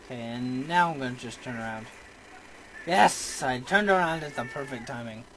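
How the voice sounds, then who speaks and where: In a low-quality recording with slight background noise, a young man speaks fairly quickly in a mid-range voice. He's doing let's play commentary on a shooter game, excitably muttering and exploding in frustration.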